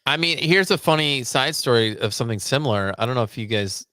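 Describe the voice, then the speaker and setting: A man co-hosting a casual podcast, relaxed and quick to joke. His voice is mid-pitched and conversational. The recording is close and dry. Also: no echo. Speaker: podcast co-host.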